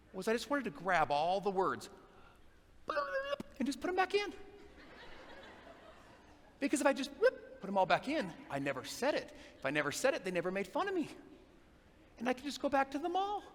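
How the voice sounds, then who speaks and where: A man giving a motivational talk, telling a story and asking the audience questions in an animated way. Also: high voice, moderate pace, long pauses. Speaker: motivational speaker. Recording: long reverb of a big hall, faint noise.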